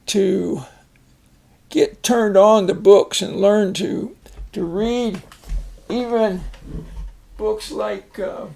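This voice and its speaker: An older man teaching a phonics lesson, explaining each word slowly and patiently. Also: sits high, steady tone, creaky, darkish tone. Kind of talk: casual reading lesson.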